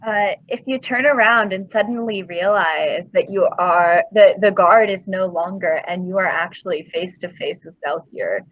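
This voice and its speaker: A woman's voice: on the low side, normal speed, few pauses, no echo, dull audio. A woman playing an improvised story game, thinking aloud hesitantly. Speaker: player. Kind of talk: casual game play.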